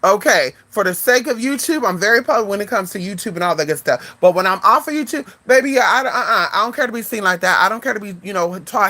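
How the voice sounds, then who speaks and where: Talking fairly quickly with hardly any pauses, a spiritual advisor chats casually on a livestream, cursing, staying animated, calling people "honey" and "y'all," and letting out sudden high exclamations. The recording is dry.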